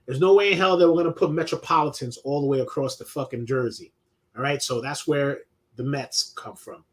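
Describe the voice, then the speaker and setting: Speaking at medium pitch with fairly even intonation and a brisk delivery, this middle-aged man from New York runs a casual live stream. Relaxed and freely profane, he answers viewer questions and talks sports, laughing and restarting a lot.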